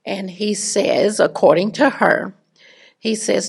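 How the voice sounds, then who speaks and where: A middle-aged woman with a raspy voice, giving a chatty, humorous faculty talk to an audience. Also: mid-range voice, slow. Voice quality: raspy, gravelly voice. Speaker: faculty speaker. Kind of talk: conversational lecture with anecdote.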